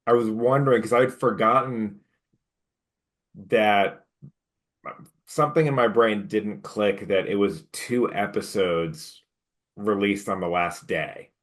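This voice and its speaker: A man co-hosting a podcast, chatting casually and getting animated when retelling his reactions. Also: slow pace. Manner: animated retelling, pitch jumps when quoting himself. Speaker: podcast co-host. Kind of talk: casual chat.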